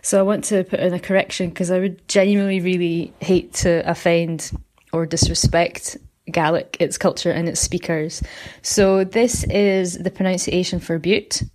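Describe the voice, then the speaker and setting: Lowish-voiced Aberdonian woman caller. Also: fairly even intonation, moderate pace, darkish tone. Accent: Aberdeen Scottish, softened. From Scotland. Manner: earnest and apologetic. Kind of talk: recorded voice message.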